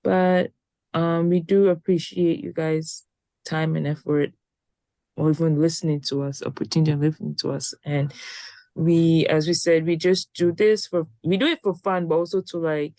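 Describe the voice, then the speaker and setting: A woman's voice: low-pitched, steady tone, normal speed, warm tone, no room sound. A young woman in her twenties co-hosting a casual podcast, a little tired and rambling, with frequent restarts. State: tired, yawning. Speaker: podcast co-host.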